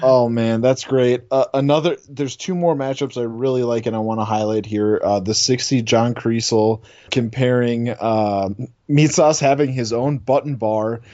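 A man co-hosting a podcast in casual chat, talking eagerly with quick asides. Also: mid-range voice, fairly even intonation, warm tone, dry recording, lo-fi sound. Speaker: podcast co-host. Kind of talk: casual sports-radio chat.

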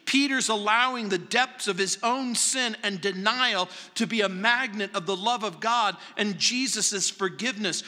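A man preaching a sermon as pastor, emphatic and dropping to hushed tones at times. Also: high voice, a little slow, few pauses, long reverb tail.

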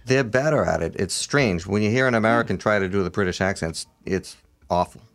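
Man, lowish voice, easygoing, halting sentences, casual chat. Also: a bit bright. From Boston area.

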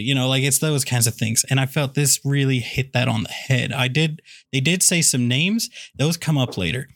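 A man's voice: medium pitch, brisk, fairly bright tone, no room sound, studio quality. A man co-hosting a podcast, ranting in a casual, incredulous way about a movie. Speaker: podcast co-host. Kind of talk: casual movie review chat.

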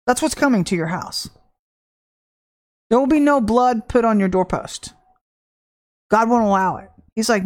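A woman delivering a fervent prophetic sermon, emphatic and shifting between drawn-out and rushed phrases. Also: on the high side, a little mellow. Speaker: prophetic preacher.

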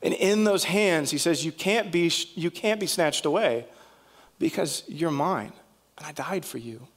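Storytelling male pastor, slightly high voice. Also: unhurried. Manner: conversational storytelling preacher, acts out dialogue. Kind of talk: sermon.

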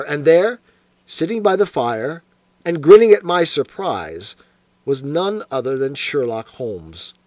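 This scripted narration comes from an audiobook narrator, a man with a somewhat high voice telling a classic detective tale. He keeps a measured, expressive storytelling style, recorded without any room sound.

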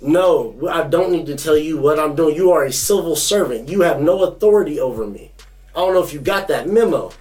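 A young man co-hosting a podcast, telling a story in a casual, profane, animated way. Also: a little high, a little fast, recorded from a distance, faint music behind, rough recording. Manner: animated, profane, acts out quotes. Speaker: podcast co-host.

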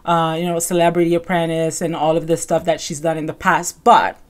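A woman's voice: deep voice, flat delivery, a little fast. A woman hosting a podcast, giving rambling casual commentary full of fillers and self-corrections. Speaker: podcast host.

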